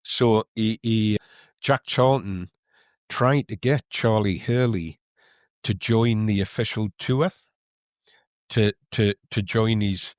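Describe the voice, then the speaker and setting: A man co-hosting a football podcast, telling a story in casual chat with many halting restarts. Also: on the low side, no echo. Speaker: podcast co-host.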